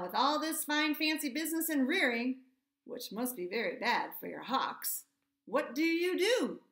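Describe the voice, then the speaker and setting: A woman's voice: high-pitched, fairly bright tone, reverberant, pitched above the performer's own voice, exaggerated voice. A woman reading a blunt old army mule. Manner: dry, scolding, know-it-all.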